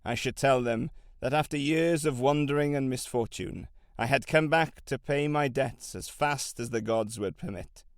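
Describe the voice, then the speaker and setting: A man reading an audiobook, voicing a determined middle-aged camel trader who was once a slave, in a measured, solemn way with old-fashioned phrasing. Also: mid-range voice, no room sound, clean studio sound, natural voice. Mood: resolute.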